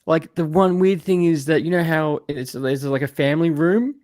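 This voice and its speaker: A man's voice: on the high side, moderate pace, a little mellow, no echo, studio quality. A man hosting a podcast, chatting casually over a video call in a rambling, ranty way, with some swearing. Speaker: podcast host. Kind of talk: casual chat.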